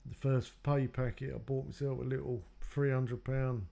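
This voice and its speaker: A man's voice: mid-range voice, level tone, moderate pace, creaky, dark tone. A man telling his own life story in a loose, rambling way, acting out what others said to him. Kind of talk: personal storytelling.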